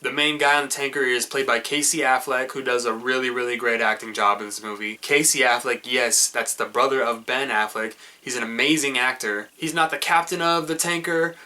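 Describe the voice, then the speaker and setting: A man's voice: medium pitch, pushed and bright. A man giving a casual, chatty movie review, rambling with fillers.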